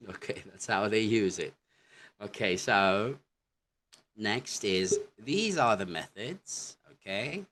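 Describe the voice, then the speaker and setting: A man teaching an English lesson from slides, explaining slowly and often pausing on "okay, so". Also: on the low side, expressive, fairly bright tone, a little hiss or hum. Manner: slow, halting explanations with many "okay, so".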